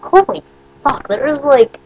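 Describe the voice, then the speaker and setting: Telling a rambling story on her vlog, a young woman swears frequently and erupts in disbelief throughout the casual monologue. She sounds high, expressive, darkish in tone, and a bit slow, on a low-quality recording with no room sound.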